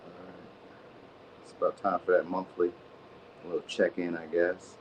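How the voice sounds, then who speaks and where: A man's voice: low-pitched, level tone, moderate pace, slight background noise, rough recording. A man hosting a live tarot reading, chatting loosely with viewers in slang and saying "you know what I mean" a lot. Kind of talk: casual live-stream chat.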